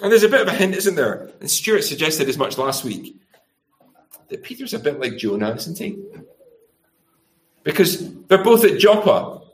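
A man's voice: a little high, very animated, moderate pace, pauses often. A middle-aged man preaching a sermon, asking the congregation rhetorical tag questions and acting out quoted speech. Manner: acts out quoted speech in changing voices.

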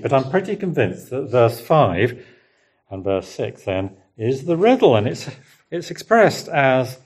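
Low-voiced man musing through a Bible talk. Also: darkish tone. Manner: conversational, musing, asks the listeners rhetorical questions. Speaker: preacher.

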